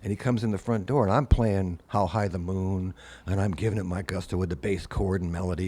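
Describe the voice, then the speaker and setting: Speaking fairly quickly in a deep voice, an older man who is a guest musician chats casually. His long stories come alive as he performs the voices of the people in them.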